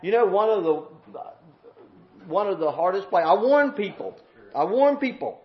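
A high-voiced man preaches with lively, wide swings in pitch. He talks in a down-home drawl, booming one moment and dropping to a murmured prayer the next. The recording is dull and lo-fi. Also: unhurried. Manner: swings from loud shouting to low murmured prayer. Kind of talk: sermon.

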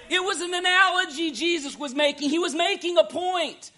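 A man preaching a sermon, swinging between hushed asides and shouted exhortation, asking the congregation rhetorical questions. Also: very high-pitched, very animated, normal speed, hardly any pauses.

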